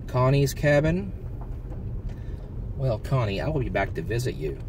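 A man's voice: medium pitch, measured pace, slight background noise. A man vlogging casually while driving, reading signs aloud and marveling at what he sees. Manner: excitable, reads signs aloud, wondering. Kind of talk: casual driving vlog narration. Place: in a car driving through a village.

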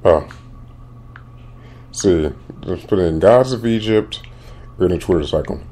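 Rambling slangy podcast host, low voice. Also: male voice, slow pace, warm tone. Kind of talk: casual movie commentary.

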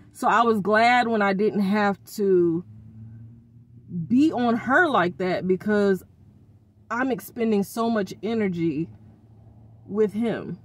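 A woman's voice: medium pitch, slow, pauses often. A middle-aged woman ranting casually in a vlog, venting in exasperation about her children with informal slang. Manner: expressive, uses informal slang. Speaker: vlogger.

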